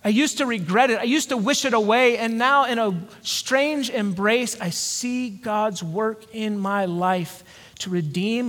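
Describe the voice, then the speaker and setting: A man from the American South preaching a sermon, earnest and reflective, with slow pauses. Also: high voice, a bit bright. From Georgia, USA. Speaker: pastor. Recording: long hall reverb.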